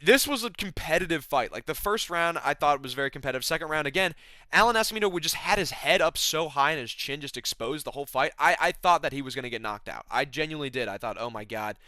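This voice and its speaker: A young man giving a casual fight recap, excited and sarcastic, full of fillers and repeated words. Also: a little high, fast talker, no echo. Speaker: MMA recap host.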